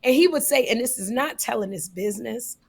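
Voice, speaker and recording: A woman co-hosting a podcast, telling a story in casual comedic style, animated and getting loud on punchlines. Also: fairly high pitch, brisk, creaky, breathy edge. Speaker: podcast co-host.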